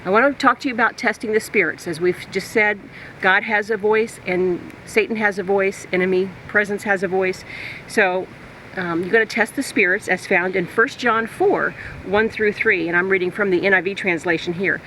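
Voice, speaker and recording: A woman's voice: medium pitch, moderate pace, a bit bright, slight background noise, poor audio. A woman teaching a Christian lesson step by step, reading scripture aloud and checking in with the listener as she goes.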